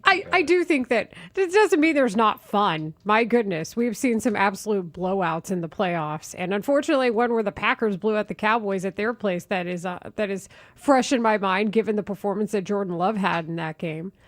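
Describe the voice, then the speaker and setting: A woman hosting a sports talk radio show, brisk and opinionated, quick to laugh. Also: mid-range voice, animated, dry recording, studio quality.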